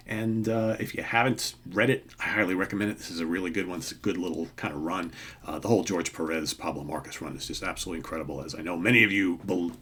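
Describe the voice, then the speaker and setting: An older man hosting a show, recapping a comic book in a relaxed, chatty way. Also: low voice, fast, husky. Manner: relaxed, chatty, loosely reads out dialogue. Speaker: host.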